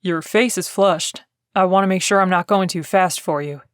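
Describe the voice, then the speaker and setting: Audiobook: woman reading a soft-spoken Southern country-boy bodyguard, protective, caring. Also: lowish voice, moderate pace, no room sound, clean studio sound, close to an everyday voice. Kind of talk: audiobook character voice.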